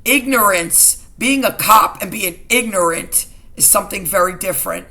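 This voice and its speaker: A woman's voice: mid-range voice, expressive, normal speed, pushed and bright. Indignant middle-aged woman ranting to camera. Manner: agitated, indignant, repeats herself. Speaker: vlogger. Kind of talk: emotional personal rant to camera.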